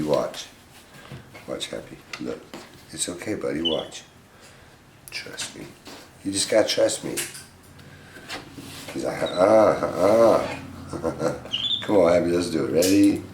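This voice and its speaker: Brief: low-pitched man, playful pet vlogger, echoey room with noise behind. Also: big pitch swings, a little slow, pauses often. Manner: coaxing, playful, talks to his pet monkey. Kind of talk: casual pet vlog chat.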